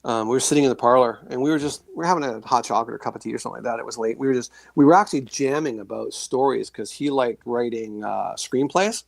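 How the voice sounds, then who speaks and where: A man's voice: mid-range voice, fast talker, gravelly, hardly any pauses, no echo. A middle-aged man recounts his experiences in a loose, rambling way, full of restarts. He slips into the voices and gasps of the people in his story. The sound is dry and close. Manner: rambling, animated storytelling with acted-out reactions. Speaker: guest, author and paranormal experiencer. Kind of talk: casual storytelling on a podcast.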